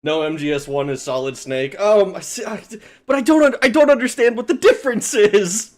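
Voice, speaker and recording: A man chats loosely with his stream audience, his voice sitting a little higher than most men's. He gets excitable, trips over his words, curses freely and breaks into laughter constantly. It sounds close and direct, as if he is speaking into a desk microphone. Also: fairly quick. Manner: excitable, swears, stammers and laughs often. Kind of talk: casual livestream chat.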